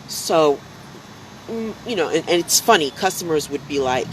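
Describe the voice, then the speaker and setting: A woman talking casually to her followers on a live stream, telling animated stories full of fillers, a little drowsy from allergies. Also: sits low, normal speed, noisy background. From United States. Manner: chatty, animated storytelling, many fillers.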